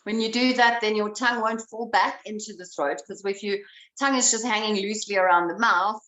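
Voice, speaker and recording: A woman breathwork instructor leading a guided breathing exercise, giving slow, calm instructions. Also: mid-range voice. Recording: roomy sound, voice away from the mic.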